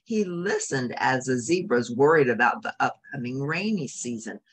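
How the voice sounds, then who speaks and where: Woman reading a kids storybook, low voice, really lively and expressive. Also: moderate pace, breathy edge.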